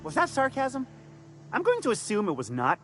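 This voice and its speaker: A man voicing a fast-talking male con man in a video game, who uses folksy slang and stammers when he is caught out. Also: very high voice, wildly swooping pitch, fairly bright tone, full character voice. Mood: scheming. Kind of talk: video game character dialogue. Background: faint game music.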